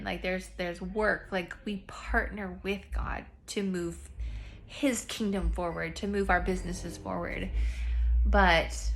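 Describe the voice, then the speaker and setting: A woman's voice: fairly low pitch, steady tone, unhurried, fairly bright tone, slight background noise. A woman speaking to her business team in a casual, earnest faith-based encouragement talk, often repeating herself and addressing them as "you guys".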